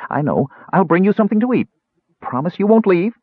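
A man voicing an excitable small male kender adventurer in a storybook reading, raising his voice high and sounding exasperated and pleading. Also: brisk, breathy edge, no room sound, exaggerated voice. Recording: tinny phone-like sound.

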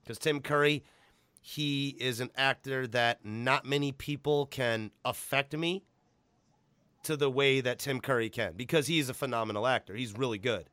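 A man hosting a podcast in loose, casual chat, excitable and profane, breaking into loud laughs. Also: medium pitch, normal speed, dry recording. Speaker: podcast host.

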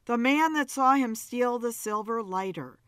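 Slow, expressive woman narrating noir fiction. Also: a little high, clean tone, dry recording, clean studio sound. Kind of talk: dramatic noir story reading.

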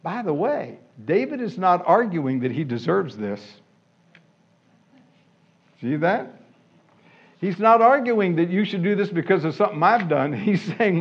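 A man preaching a sermon, swinging between loud, emphatic lines and hushed, quiet ones. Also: high-pitched, big pitch swings, measured pace, long pauses, slightly rough. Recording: muffled lo-fi sound.

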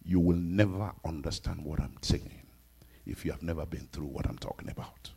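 A middle-aged man from Africa, a pastor preaching a sermon, dropping to hushed whispers and rising to loud exclaims. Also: deep voice, normal speed, vocal fry, breathy edge.

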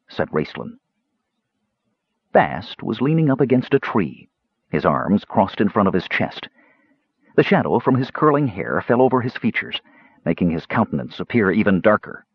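Husky, dramatic male fantasy narrator. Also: sits low, normal speed, no echo, dull audio. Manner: expressive, dramatic reading. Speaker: audiobook narrator.

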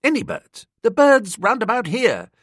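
A man voicing a dramatic, lovesick young gentleman who gushes and sulks over his beloved, in an audiobook reading. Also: very high voice, sing-song, a little slow, no room sound, clean studio sound, voice pushed up, heavily acted. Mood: brooding. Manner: gushing and petulant, sighs over his beloved. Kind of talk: audiobook character voice.

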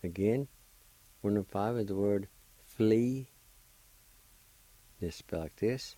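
A man with a low, mellow voice talks very slowly and patiently. He spells out each syllable letter by letter, like a radio language teacher. The sound is close and dry. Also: no echo, rough recording. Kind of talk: slow spelled-out pronunciation lesson.

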